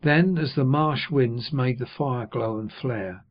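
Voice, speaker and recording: A man narrates a classic novel in a measured, even storytelling voice. His tone is husky and sits at a middle pitch. The recording sounds dull and lo-fi. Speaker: audiobook reader. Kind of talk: scripted narration.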